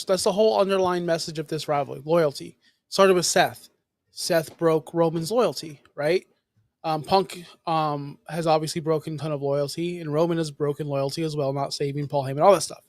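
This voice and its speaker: A man co-hosting a wrestling podcast, explaining his view in a measured, step-by-step way during casual chat. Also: fairly high pitch, no room sound. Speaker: podcast co-host.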